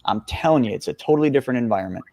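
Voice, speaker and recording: A man's voice: medium pitch, lively intonation, rapid-fire, creaky, dark tone, no room sound. A man in his forties, a guest expert on a podcast interview, talking with energy and emphasis and calling the listeners folks. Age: 40s.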